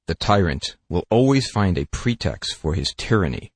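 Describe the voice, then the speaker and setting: Low husky male fable narrator, very expressive, dry close mic. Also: normal speed, no echo. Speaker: fable reader. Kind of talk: storybook narration.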